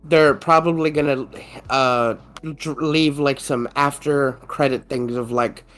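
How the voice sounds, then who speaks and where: Excitable rambling podcast guy, faint music. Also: medium pitch, measured pace. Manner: excitable, laughs often, rambling with fillers and swearing. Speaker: podcast co-host. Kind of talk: casual chat.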